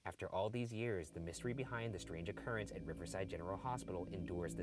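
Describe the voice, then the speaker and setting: A man narrating a true-crime case in a measured, serious scripted read. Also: sits low. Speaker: show narrator. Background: music.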